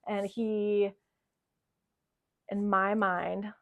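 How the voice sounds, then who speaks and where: A young adult woman telling a travel story casually, animated and swearing, with many fillers. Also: mid-range voice, extremely slow, highs cut off.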